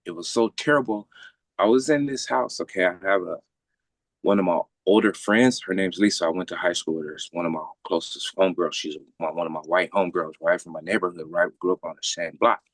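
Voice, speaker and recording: A man with a very low voice tells a personal story in blunt, profane street slang. He keeps checking in with his listener as he talks. The sound is dry and close. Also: fairly quick, dry recording. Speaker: podcast guest. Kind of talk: casual storytelling.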